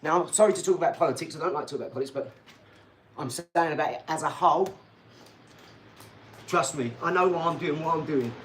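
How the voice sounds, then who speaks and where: A middle-aged man, hosting a casual livestream chat in a rambling, boastful, excitable way with lots of tag questions. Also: fairly high pitch, fast, pauses often, slight background noise. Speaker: channel host reading viewer comments.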